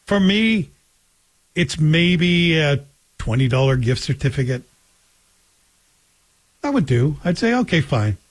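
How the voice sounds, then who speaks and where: A man's voice: a little high, lively intonation, takes it slowly, pauses often. A middle-aged man hosting a talk radio show, telling wry, joking stories in a casual, conversational way. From Scotland.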